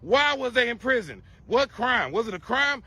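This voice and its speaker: A man's voice: very high-pitched, very animated, normal speed, pushed and bright, slightly rough. A man delivering a profane conspiracy rant to camera, preachy and crude, firing off rhetorical questions.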